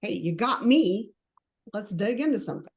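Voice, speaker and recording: A woman leading an online coaching class, chatty and animated, laughing often and acting out conversations with clients. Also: mid-range voice, normal speed, vocal fry.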